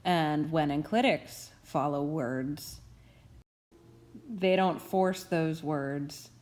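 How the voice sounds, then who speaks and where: Slow, low-voiced woman professor. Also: a little mellow. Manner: patient, methodical explaining, repeats each term. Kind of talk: recorded grammar tutorial.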